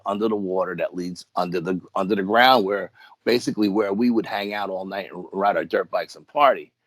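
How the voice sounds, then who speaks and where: A man with a New York accent tells a long story as an interview guest, slipping into quoted dialogue as he goes. His voice sits on the low side. The sound is dry and close, with no room around it. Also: no echo. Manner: rambling, animated retelling with quoted dialogue. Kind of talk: casual storytelling.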